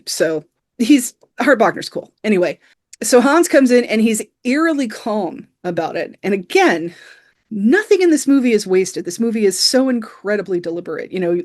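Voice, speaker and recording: A woman's voice: medium pitch, darkish tone. Middle-aged woman, podcast co-host, enthusiastic and rambling in a casual film review. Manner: enthusiastic, rambling, with frequent "you know" fillers.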